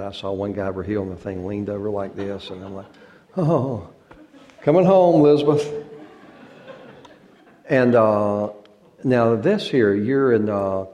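Folksy pastor with a mellow, low voice. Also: male voice. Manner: folksy and joking, drawls words for effect. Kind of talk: informal talk to a congregation. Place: church sanctuary.

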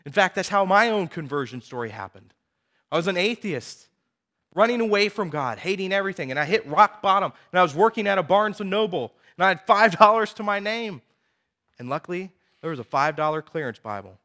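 A man in his thirties preaching a sermon, telling personal stories in a lively, conversational way with frequent asides to the audience. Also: high-pitched, a little fast. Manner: animated storytelling, conversational asides.

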